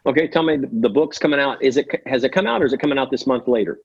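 A man's voice: medium pitch, quick pace, vocal fry, breathy edge, no echo. A man hosting a podcast interview, asking conversational questions with frequent restarts. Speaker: podcast host. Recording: dry, dull, lo-fi.

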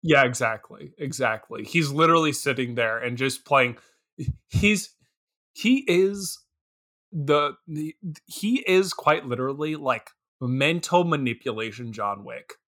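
Bright-voiced laughing man podcaster. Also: mid-range voice, measured pace. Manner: animated, laughs often, lots of filler words. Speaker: podcast co-host. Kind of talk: casual movie review chat.

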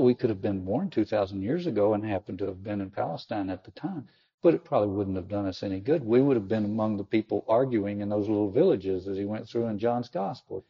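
Man, preacher type, husky and gravelly, does voices for quotes; muffled lo-fi audio. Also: warm tone. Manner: acts out quoted lines with sudden high pitch. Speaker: Catholic teacher or preacher. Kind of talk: reflective sermon-style talk. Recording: dull lo-fi recording.

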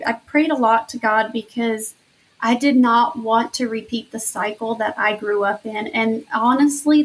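Woman in her 30s telling her faith story in an interview, earnest, slightly high voice, gets emotional. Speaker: interview guest. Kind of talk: personal testimony interview.

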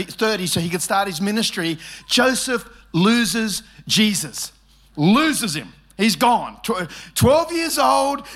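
A man's voice: sits high, a bit bright. A middle-aged man preaching a sermon at church, mixing humor with scripture and acting out family conversations. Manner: humorous storytelling, acts out family dialogue. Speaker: pastor.

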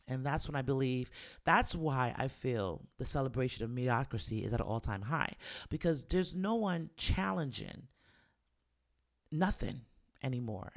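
A man's voice: mid-range voice, expressive, moderate pace. A man who makes music, talking casually and candidly in a monologue, swearing freely and acting out what friends said. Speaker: musician, rapper.

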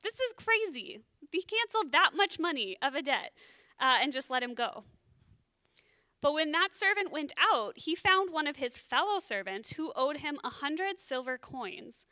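Bright, high-voiced woman teaching casually. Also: very animated, moderate pace, no echo. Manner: chatty and self-deprecating, thinking aloud. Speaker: bible teacher. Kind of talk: casual sermon.

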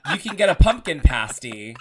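A man co-hosting a podcast in casual, chatty talk, emphatic and quick to swear. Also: a little high, big pitch swings, fairly bright tone. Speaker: podcast co-host. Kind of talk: casual chat.

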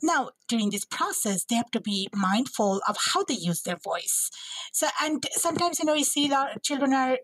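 A woman's voice: high-pitched, lively intonation, moderate pace, fairly bright tone, dry recording, rough recording. A woman speech-language pathologist explaining vocal health as a podcast guest, with frequent restarts and fillers. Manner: demonstrates voice qualities, laughs often.

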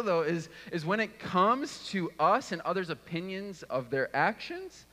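A man in his thirties preaches from the pulpit, his voice bright and slightly high. He tells stories with wide swings of pitch, acting out the people in them. The sound rings with the long reverb of a church hall. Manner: animated storytelling with acted-out voices. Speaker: pastor. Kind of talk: sermon. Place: church auditorium.

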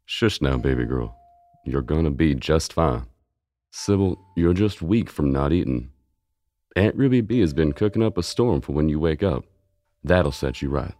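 An actor playing a worried, loving father who gently soothes his daughter. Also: extremely low pitch, lively intonation, normal speed, no echo. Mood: soothing.

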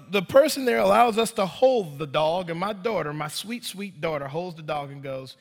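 A man's voice: high voice, lively intonation, moderate pace, gravelly, few pauses, in a large hall. A man in his thirties preaching a sermon in church, telling a story animatedly and addressing the congregation as y'all. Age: 30s. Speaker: pastor.

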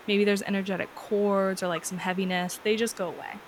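A woman's voice: mid-range voice, little pitch movement, fairly quick, slight background noise. A woman talking casually as an interview guest, chatty and full of filler words, laughing often. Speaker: energy healer guest.

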